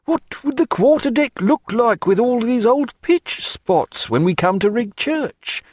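A man voicing a wheedling, reasoning sailor with a much higher voice than his own. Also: expressive, a little slow, dry recording, studio quality, full character voice. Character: wheedling sailor, captain of the afterguard.

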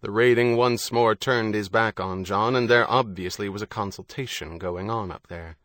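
A man reading a novel aloud in measured, even scripted narration. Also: fairly low pitch, no echo, studio quality. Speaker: audiobook narrator.

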